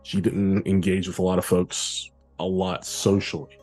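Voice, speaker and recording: Low, husky man narrating true crime. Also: measured pace, faint music behind. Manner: relaxed storytelling with frequent "uh" fillers. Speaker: podcast co-host.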